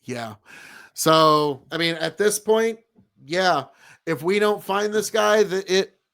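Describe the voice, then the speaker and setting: Taking it slowly, a male streamer speaks to his live chat with vocal fry and a fairly bright tone, his pitch above most men's. He rambles emphatically, looping back to repeat points for emphasis.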